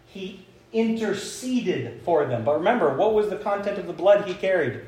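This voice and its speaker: A man's voice: high-pitched, big pitch swings, measured pace, darkish tone. A man preaching a sermon as pastor in a church, engaging and quizzing his congregation with questions. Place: church sanctuary. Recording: echoey room.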